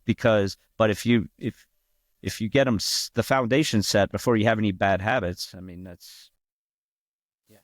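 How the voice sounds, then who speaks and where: A man's voice: on the low side, fairly even intonation, normal speed, no echo, clean studio sound. A man, a guest pool player, talking casually in an interview and rambling with many restarts.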